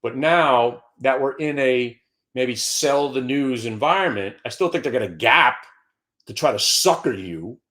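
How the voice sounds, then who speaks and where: Brash, lively trading host. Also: male voice, mid-range voice, a little slow. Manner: brash, taunting, swings from mutters to shouts. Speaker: stock trading show host. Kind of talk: live trading commentary.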